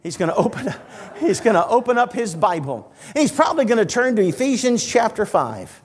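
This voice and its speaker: Evangelist, man, 60s, high voice, animated storytelling sermon with dry humor. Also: a little fast, husky, in a large hall. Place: church auditorium.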